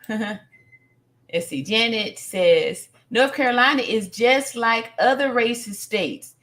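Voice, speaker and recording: A woman runs a casual live stream, reading out viewer comments one by one. She talks slowly and deliberately in a fairly high voice. She leans on fillers and repeats key phrases for emphasis. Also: fairly bright tone. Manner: reads comments aloud with frequent fillers.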